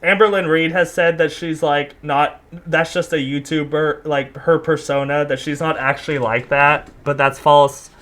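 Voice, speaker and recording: A man's voice: fairly high pitch, steady tone, moderate pace, few pauses, fairly bright tone. Blunt, sarcastic man reacting casually. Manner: sarcastic, blunt, swears freely. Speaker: commentary host.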